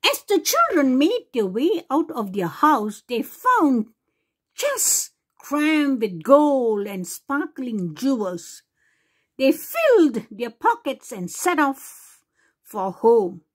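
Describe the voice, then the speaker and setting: A woman reading a fairy tale aloud to children in a slow, sing-song way, sometimes correcting herself. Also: high voice, very animated, husky. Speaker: children's channel storyteller.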